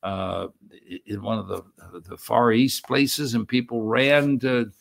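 An older male pastor with a gravelly, creaky voice delivers a sermon at an ordinary middle pitch. He reads the quoted verses slowly with weighty emphasis, then explains them in plain, halting speech full of restarts. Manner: unhurried, halting with frequent restarts and fillers. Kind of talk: sermon, reading and explaining scripture.

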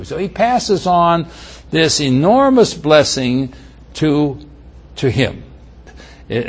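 Husky man preaching expressively. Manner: expressive Bible teaching, acting out the characters; wide swings in pitch and loudness. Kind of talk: sermon.

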